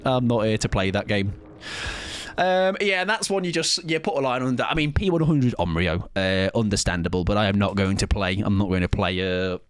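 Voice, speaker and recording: In a dry, studio-quality recording, a southern English gaming streamer chats casually during his live stream, joking at his own expense and throwing quick asides to viewers. His lowish voice is clear and resonant.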